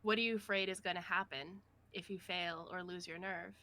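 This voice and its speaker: Woman game master narrating a tabletop scene, bright, lively. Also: on the low side, fairly quick. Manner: lively, descriptive.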